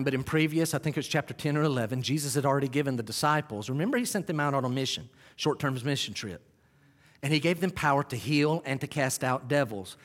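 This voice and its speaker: A man preaching a sermon, animated, swinging between quiet asides and loud climaxes. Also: a little high, big-room sound. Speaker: pastor.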